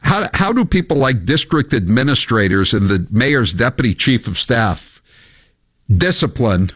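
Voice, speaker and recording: A man's voice: mid-range voice, sing-song, unhurried, a bit bright, no room sound. A male talk radio host, delivering news with wry, offhand asides. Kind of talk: casual talk radio banter.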